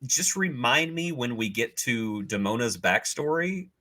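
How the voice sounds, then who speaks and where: A man's voice: mid-range voice, lively intonation, measured pace, sharp tone. A man co-hosting a podcast in casual chat, enthusiastic and teasing about spoilers. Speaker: podcast co-host.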